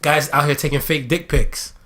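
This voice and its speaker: Bright-voiced animated male podcaster. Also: on the high side, normal speed. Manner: animated storytelling, laughs a lot. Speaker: podcast co-host. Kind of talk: casual chat.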